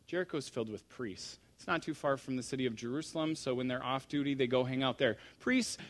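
A man preaching a sermon, telling a story with animated shifts between soft and loud speech. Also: medium pitch.

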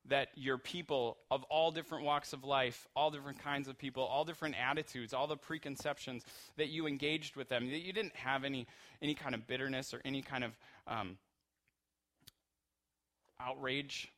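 A male pastor delivering a sermon, with passionate swings from quiet, low passages to loud, high-pitched peaks.

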